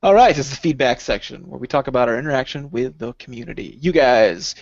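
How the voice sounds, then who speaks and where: A man co-hosting a podcast in casual chat, animated and rambling, laughing a lot. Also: medium pitch, fast talker, creaky, dry recording. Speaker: podcast co-host. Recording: dull lo-fi sound.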